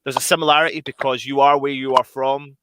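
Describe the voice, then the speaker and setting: A man from Scotland, a guest on a fan livestream, chatting casually and warmly with many repeated words and restarts. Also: medium pitch, level tone, quick pace, background noise. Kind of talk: casual chat.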